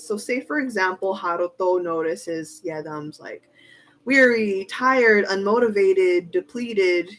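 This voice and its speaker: Chatty excitable woman reading tarot. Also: mid-range voice, rough recording. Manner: chatty, excitable, giggly fan talk. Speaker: tarot reader. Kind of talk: casual chat.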